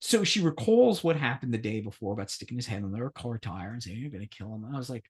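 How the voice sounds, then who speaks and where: A man co-hosts a podcast and tells a long anecdote in casual chat. His voice swings widely in pitch as he acts out each person in the story. He swears freely and laughs as he goes. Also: animated, fast. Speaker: podcast co-host.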